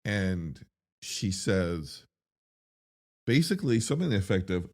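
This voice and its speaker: A man hosting a film reaction, talking in an excitable, rambling way, swearing freely and getting animated when worked up. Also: measured pace, long pauses. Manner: excitable and rambling, with profanity and big pitch swings when worked up. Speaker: movie reviewer host.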